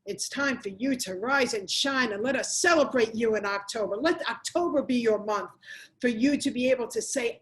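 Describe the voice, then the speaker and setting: A woman's voice: on the high side, normal speed. A middle-aged woman giving a motivational talk to camera, speaking emphatically and repeating key phrases straight to the viewer. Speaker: motivational speaker on domestic violence.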